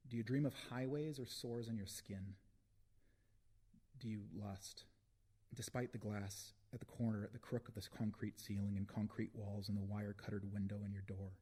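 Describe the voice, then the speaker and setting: A man reading his own poems aloud at a live book launch, with deliberate phrasing and long pauses between lines. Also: on the low side, warm tone, breathy edge. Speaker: poet reading his work.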